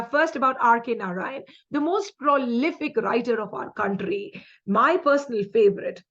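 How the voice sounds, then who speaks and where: A woman's voice: on the high side, lo-fi sound. A woman with an Indian English accent running a quiz-style exam-prep lesson, chatty and upbeat, mixing in Hindi asides.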